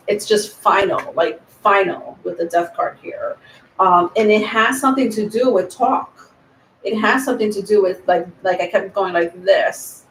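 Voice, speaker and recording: A woman giving a live tarot reading, rambling and thinking aloud with many pauses and ums. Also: mid-range voice, fairly bright tone, slight background noise. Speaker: tarot reader. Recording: roomy echo.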